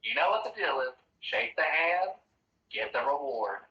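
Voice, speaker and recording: A man's voice: medium pitch, animated, moderate pace, natural voice. A man voicing a sly female goddess patron who trades in souls, coaxing and smug. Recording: roomy, dull, distant mic.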